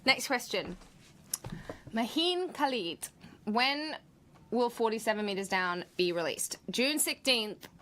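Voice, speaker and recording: A woman's voice: fairly high pitch, lively intonation, slow pace, a bit bright, slight background noise. A woman actress chatting casually on a livestream, reading out viewer questions and answering them in a playful, laughing way. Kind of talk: live Q&A reading viewer comments.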